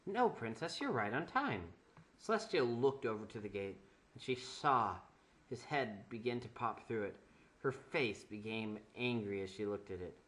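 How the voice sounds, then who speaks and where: A man's voice: on the low side, normal speed, fairly bright tone. A young man doing a mock-dramatic reading of a bad fanfic, with sarcastic asides about the writing. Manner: sarcastic, breaks into laughter and wry asides. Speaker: comedic fanfic reader.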